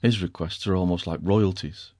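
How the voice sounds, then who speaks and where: A man's voice: deep voice, steady tone, normal speed, dark tone, no echo, clean studio sound, lightly acted. A male narrator voicing a teasing, affectionate young husband with a wry, fond way of talking.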